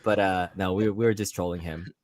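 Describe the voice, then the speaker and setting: A man's voice: low-pitched, steady tone, a little fast, a little mellow, no room sound. A tired man on little sleep, telling a rambling story in laid-back casual chat as a podcast co-host.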